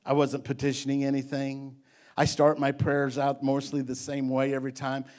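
A man's voice: mid-range voice, monotone, normal speed, a little mellow. A pastor preaching a midweek sermon in an earnest, repetitive way, often restarting words as he builds each point.

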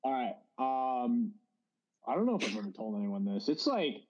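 Man, twenties, casual podcast host, rambling storyteller, middle pitch, lo-fi sound. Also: big pitch swings, moderate pace, darkish tone. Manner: rambling storyteller, many fillers. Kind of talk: casual chat.

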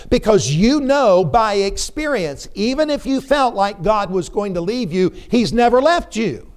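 A man's voice: sits high, darkish tone, clean tone. A middle-aged man preaching a sermon, emphatic, repeating words for stress and putting questions to the congregation.

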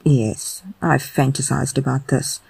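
Earnest, quietly intense adult man, read by the narrator; soft, dark, flat. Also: medium pitch, takes it slowly, gravelly, breathy edge, dry recording, full character voice. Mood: earnest, breathy.

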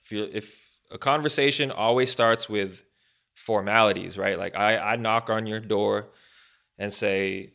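Man, low gravelly voice, bright tone, casual podcast co-host, rambling. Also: unhurried. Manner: rambling, animated, many fillers. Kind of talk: casual faith chat.

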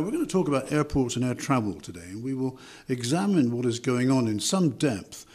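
Older guy hosting an interview, bit husky, calm and polite. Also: mid-range voice. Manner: measured and courteous, with scripted intro. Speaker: podcast interviewer. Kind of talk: hosted interview. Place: hotel room.

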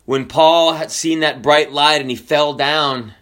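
A man in his forties preaching with a bright, ringing tone and a fairly high voice. He tells personal stories casually with fillers, then jumps up into excited, emphatic lines before dropping back into soft, low asides. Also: unhurried. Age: 40s. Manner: conversational storytelling with frequent fillers. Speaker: pastor. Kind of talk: sermon.

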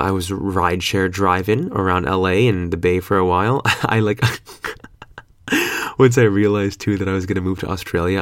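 A young man in his twenties rambling through a casual vlog, loose and slangy with plenty of swearing and fillers. His voice sits low with a gravelly edge. The sound is close and dry, with no room around it. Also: no room sound. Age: 20s. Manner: laid-back, slangy and profane, rambling with fillers. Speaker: vlogger.

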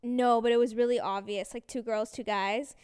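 A woman's voice: a little high, fairly even intonation, moderate pace, a little mellow, smooth. A young woman from Canada, telling a story in casual chat, acting out quotes and swearing often.

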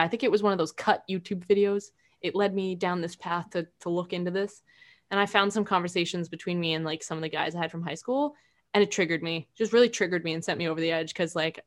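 A woman in casual chat, animated and rambling, with lots of fillers and frequent laughter. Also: lowish voice.

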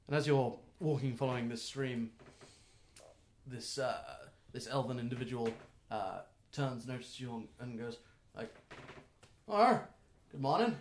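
A man running a tabletop game as game master, narrating with many fillers and pauses. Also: medium pitch, steady tone, a little mellow. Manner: rambling with fillers, puts on gruff voices. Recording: roomy echo.

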